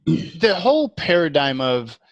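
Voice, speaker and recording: A man with a fairly high voice muses aloud in a casual chat, his thoughts loose and rambling. The sound is dry and close, with no room around it. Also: very animated, measured pace, no room sound, muffled recording. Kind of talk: casual conversation.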